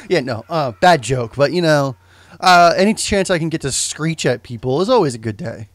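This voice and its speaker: A man's voice: mid-range voice, normal speed, no echo. A young man giving casual, rambling commentary on a game he streams, often correcting himself and tossing in jokes. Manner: rambling, self-correcting, joking asides.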